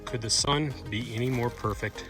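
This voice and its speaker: A man talking casually as a vlogger, easygoing and chatty, often pausing with "uh". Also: medium pitch, fairly even intonation, over music. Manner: easygoing, chatty, with frequent "uh" pauses. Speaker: vlogger and property owner. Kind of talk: casual vlog narration.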